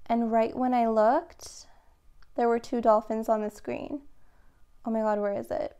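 A woman giving a casual tarot reading to camera, excitable and rambling with many fillers. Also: fairly high pitch, measured pace. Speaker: tarot reader.

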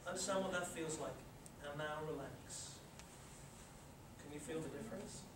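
Running a live workshop on managing anxiety, a sports psychology presenter talks a lecture-room audience through a guided relaxation exercise, repeating instructions and checking they keep up. His fairly high voice moves at normal speed, picked up from far away in an echoey room with loud noise.

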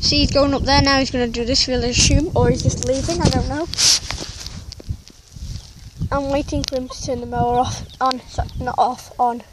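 A woman's voice: high-pitched, steady tone, normal speed. A woman chatting casually for a vlog, rambling and correcting herself as she goes, outdoors on a farm among chickens. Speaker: vlogger. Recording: loud outdoor noise, animal sounds. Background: loud outdoor noise and animal sounds.

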